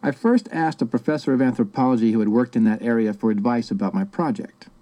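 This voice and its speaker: A man giving a measured, reflective first-person audiobook narration. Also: medium pitch, dark tone.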